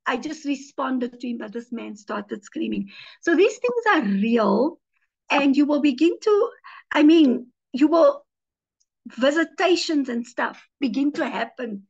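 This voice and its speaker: A woman pastor preaches with lively storytelling, slipping into the voices of the people she quotes. Her voice sits a little high for a woman's. The audio is muffled and lo-fi. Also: a little slow, vocal fry. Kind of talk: teaching sermon with personal stories.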